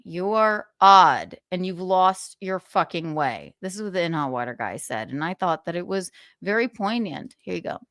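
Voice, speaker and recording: A woman's voice: on the low side, lively intonation, normal speed, hardly any pauses, no room sound, studio quality. A young woman hosting a livestream, ranting with profanity and sarcasm. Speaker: podcast host.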